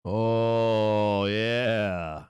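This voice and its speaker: A man hosting a live stock market stream, giving brash, excitable trader banter as prices move. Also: lowish voice, extremely slow, clean tone, no room sound, dull audio. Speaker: stock market livestream host.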